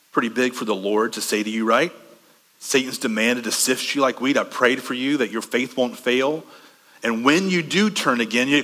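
A man preaching a sermon conversationally, asking the room questions and swinging between quick bursts and slow, soft stretches. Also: medium pitch, in a large hall. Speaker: pastor.

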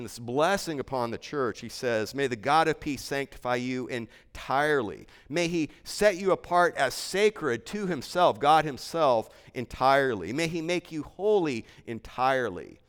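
Emphatic preacher in a reverberant hall. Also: male voice, medium pitch, clear, resonant tone. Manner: earnest, emphatic preaching with repeated phrases. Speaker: pastor. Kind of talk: sermon.

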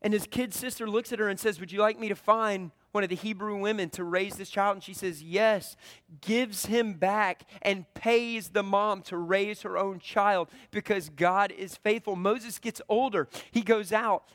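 A man's voice: sits high, steady tone, moderate pace, a bit bright, dry recording. A man preaching a sermon, retelling a scripture story with drama and voicing its characters.

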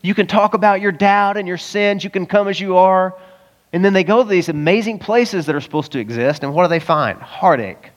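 A man preaching a casual, conversational sermon as a pastor, animated and acting out the voices of the people in the story. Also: sits high, fairly quick, dull audio. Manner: animated, acts out voices of Bible characters, chuckles often. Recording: long reverb of a church hall.

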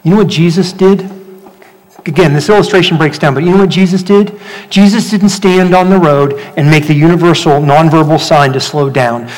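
A man preaching a sermon as pastor, animated, swinging between loud rhetorical questions and hushed emphasis. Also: high voice, fairly quick. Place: church hall. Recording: long hall reverb.

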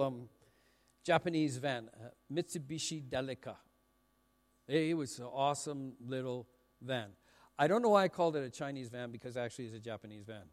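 High-voiced middle-aged man preaching with humor. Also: lively intonation, normal speed. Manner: chatty, self-mocking storytelling with frequent laughs. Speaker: pastor. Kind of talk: humorous sermon. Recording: long reverb of a large hall.

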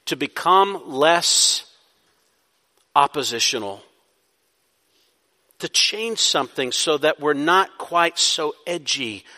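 A man's voice: on the high side, lively intonation, takes it slowly, long pauses, bright, forceful tone. A man, a pastor, preaching a sermon, asking rhetorical questions and building to emphatic bursts. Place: church sanctuary. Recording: long hall reverb.

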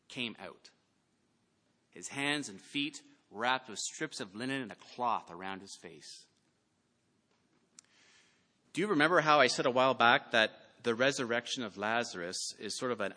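A man preaches a sermon from the pulpit, his voice bright and forceful. He reads scripture with dramatic emphasis and now and then calls out loudly. His words ring with the long reverb of a large church sanctuary. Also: mid-range voice. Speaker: pastor.

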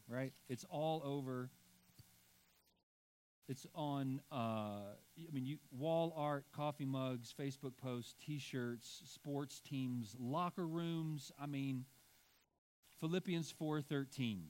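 A man's voice: mid-range voice, takes it slowly, a little mellow. A middle-aged man preaching a sermon to a congregation, talking casually with frequent asides and rising to emphatic points. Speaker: pastor.

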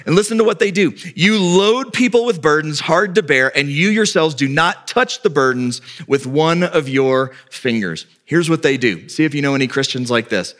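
A male pastor preaching a sermon with lively delivery, often acting out quoted speakers in a raised voice. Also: a little high, moderate pace, hardly any pauses.

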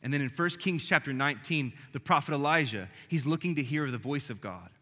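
A man preaching a casual, animated sermon to a church audience, sometimes dropping his voice to a soft hush. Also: mid-range voice, a little fast. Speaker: pastor. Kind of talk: conversational sermon. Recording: long hall reverb.

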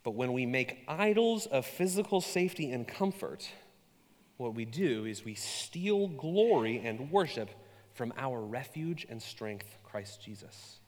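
A man preaching a sermon, telling stories with animated, self-mocking humor. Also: mid-range voice, unhurried, big-room sound. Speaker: pastor.

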